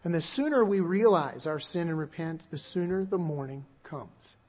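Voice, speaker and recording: Preacher, male, higher-pitched husky voice, earnest measured sermon delivery with emphatic swells. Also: animated, darkish tone. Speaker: pastor. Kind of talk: expository sermon.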